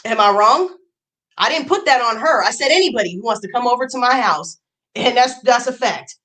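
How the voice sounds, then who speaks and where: High-pitched woman ranting on stream, swearing a lot, voice all over the place, bright and sharp. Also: lively intonation, fairly quick. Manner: heated, profane, repeats lines for emphasis. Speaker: YouTube streamer. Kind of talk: angry ranting livestream.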